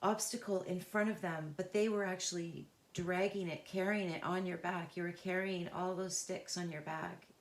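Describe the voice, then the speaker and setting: A woman gives an unscripted, intuitive tarot reading, earnest and emotionally involved, in a halting, searching manner full of pauses and restarts. Her voice is fairly low and her tone steady, with a reverberant sound.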